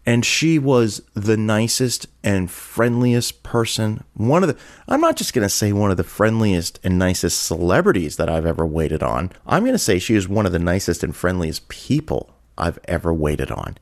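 A man's voice: lowish voice, moderate pace. A middle-aged man from Halifax hosting his own podcast, telling a story casually and animatedly, briefly acting out the voices of the people in it. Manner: animated, acts out voices in anecdotes. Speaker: podcast host.

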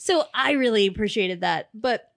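Animated woman telling a story, dry. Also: medium pitch, moderate pace, gravelly, dry recording. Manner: animated storyteller, acts out quotes. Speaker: podcast co-host. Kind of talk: casual chat, storytelling.

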